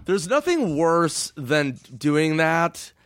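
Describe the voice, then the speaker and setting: A man in casual podcast chat, telling road stories with frequent laughs and swearing, jumping into a high goofy voice for quoted people. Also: very animated, extremely slow, a bit bright, no room sound, clean studio sound. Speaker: podcast guest.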